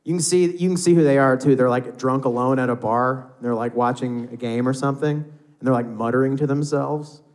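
A man's voice: mid-range voice, steady tone, a little fast, darkish tone. An American man performing a stand-up comedy set on a live club stage, rambling loosely and acting out voices.

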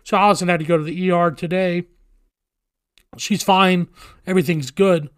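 A man with a high voice tells a story in a casual, heavily profane way, voicing everyone in it with animated energy. The sound is dry and close to the mic, with no room around it. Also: normal speed, clear, resonant tone, dry recording.

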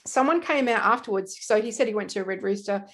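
Animated Australian woman co-host, chatty storyteller, laughs easily. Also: mid-range voice, quick pace. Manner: animated storyteller, laughs often, slips into quoted voices. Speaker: podcast co-host. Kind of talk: casual true-crime podcast chat.

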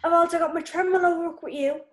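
A woman chatting casually on a podcast, upbeat and quick to laugh. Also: very high voice, fairly even intonation, a crowd in the background. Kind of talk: casual chat.

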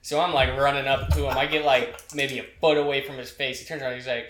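A man's voice: medium pitch, level tone, fast, few pauses, fairly bright tone, echoey room. A young man, a military veteran, telling profane boot camp stories in casual chat with friends, laughing as he goes.

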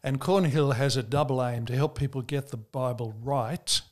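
A man from Australia who is a preacher, answering interview questions in a measured, earnest way, slowing down to stress key points. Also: medium pitch, fairly even intonation. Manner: measured, earnest storytelling with slow emphatic stresses.

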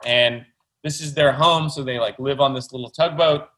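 Bright-voiced chatty man. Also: medium pitch, fairly even intonation, moderate pace, rough recording. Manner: enthusiastic, chatty. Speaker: children's book author, guest. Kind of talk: casual interview talk.

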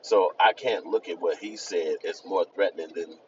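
A man's voice: sits low, normal speed. A man co-hosting a casual talk show, talking in a loose, profane way. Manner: animated, profane, jokes in put-on voices. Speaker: podcast co-host. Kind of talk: casual commentary. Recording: distant, dull mic with faint noise.

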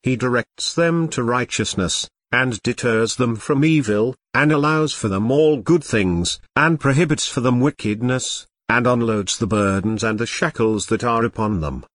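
A man reading a translated scripture aloud in slow, measured, solemn phrases. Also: medium pitch, fairly bright tone, dry recording, studio quality.

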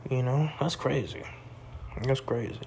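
A young man talking crudely in a rambling casual monologue, full of fillers and slang, tipsy and high. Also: a little slow, a little mellow, a little hiss or hum.

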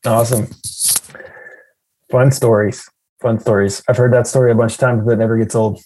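A man's voice: mid-range voice, flat delivery, normal speed, mellow, poor audio. A man hosting a podcast, asking questions in an encouraging, enthusiastic way during a casual interview. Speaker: podcast host.

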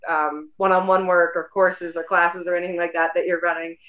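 A woman's voice: fairly low pitch, level tone, brisk, fairly bright tone. A woman hosting an interview in casual chat, affirming often with fillers. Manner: affirming, frequent yeahs, fillers. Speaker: interview host.

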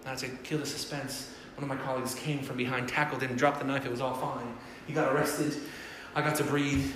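A man's voice: mid-range voice, flat delivery, brisk, a bit bright, slight background noise. A man preaching a sermon as pastor, telling stories animatedly and acting out the voices of the people in them. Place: church hall. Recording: roomy church hall sound.

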